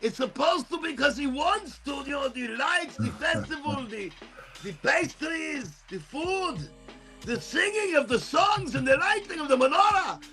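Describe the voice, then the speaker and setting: A man putting on the voice of his older Israeli mother, loud and emphatic as she lectures about the holiday. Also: very high-pitched, lively intonation, unhurried, over music, pitched above the performer's own voice, full character voice. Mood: insistent. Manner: loud, shouty, talks with her hands.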